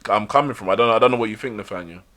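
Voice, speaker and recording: A man's voice: lowish voice, very fast, a bit bright, slight background noise. A man co-hosting a casual sports podcast, chatty and teasing. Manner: chatty, laughs often, teasing. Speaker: podcast co-host.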